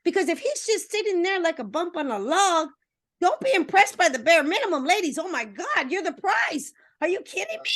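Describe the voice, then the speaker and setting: A woman dating coach talking as a podcast interview guest, energetic and emphatic, speaking straight to her listeners and acting out little voices. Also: a little fast. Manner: acts out voices with expressive pitch swings.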